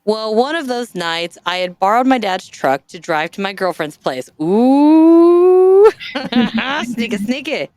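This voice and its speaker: Woman podcast host, chatty and self-mocking, smooth voice, dry close mic. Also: mid-range voice, expressive, a little slow, no room sound. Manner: chatty, jokey, self-deprecating, trails off and restarts. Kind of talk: casual chat, reading listener stories aloud.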